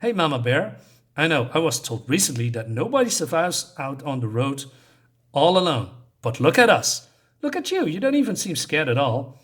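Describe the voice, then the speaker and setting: A man's voice: fairly high pitch, big pitch swings, moderate pace, fairly bright tone, husky, exaggerated voice. A man voicing an unhinged, cheerful young woman who talks in a falsely sweet, sing-song way. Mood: teasing.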